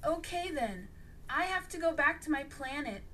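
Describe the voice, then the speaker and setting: A woman's voice: sits high, animated, moderate pace, background noise. A woman voicing a friendly alien boy.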